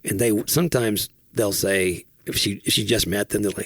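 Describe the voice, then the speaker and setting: A man's voice: on the low side, a bit bright, husky, no echo. A man co-hosting a podcast from the American South, chatting in an easygoing, joking way. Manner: easygoing, chatty, quick to joke. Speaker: podcast co-host. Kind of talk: casual podcast chat.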